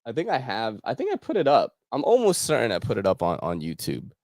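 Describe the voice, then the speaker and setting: A man's voice: medium pitch, wildly swooping pitch, brisk, a little mellow, dry recording, clean studio sound. A young man hosting a casual gear show, chatting in laid-back slang while browsing a website and laughing often.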